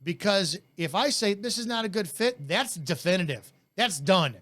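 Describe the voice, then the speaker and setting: A man's voice: high voice, lively intonation, normal speed, a bit bright. A man coaching network marketing in a blunt, intense, in-your-face way, in casual talk.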